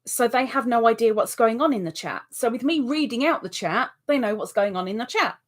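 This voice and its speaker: A woman hosting a live stream in a casual, chatty way, reading out viewer comments and answering them, with excitable exclamations. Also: fairly high pitch, brisk.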